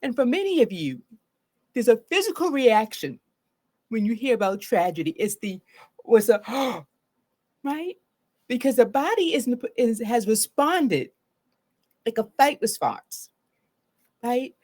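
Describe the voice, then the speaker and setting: A middle-aged woman therapist speaks live to her viewers in a fairly high voice. Her pitch rises and falls widely as she explains, and she keeps checking in with a "right?". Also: measured pace, long pauses. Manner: earnest, animated, often asks "right?". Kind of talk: live solo talk on trauma.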